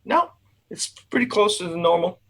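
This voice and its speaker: A man's voice: high voice, very animated, moderate pace, vocal fry, fairly bright tone, rough recording. Quebec-accented man telling a long story. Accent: Quebec French. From Quebec, Canada. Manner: rambling, many restarts, quotes others in the telling. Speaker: guest guitarist. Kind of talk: casual interview storytelling. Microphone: video call.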